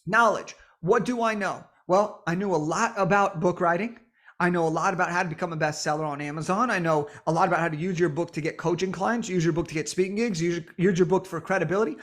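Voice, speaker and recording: A man's voice: high-pitched, fast, a bit bright. A man in his thirties talks straight to camera in an upbeat coaching style. He drives each point home with emphatic repetition and a stream of rhetorical questions. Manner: emphatic, repeats phrases for effect. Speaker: book coach. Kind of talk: energetic coaching talk to camera.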